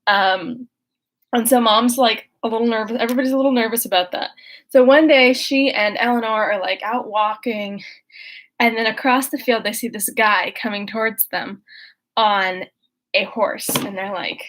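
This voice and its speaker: A woman's voice: fairly high pitch, normal speed, fairly bright tone. A young woman chatting in a rambling way from her bedroom, then reading a book aloud. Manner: rambling, chatty, full of fillers. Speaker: host and reader. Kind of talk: casual chat and reading aloud.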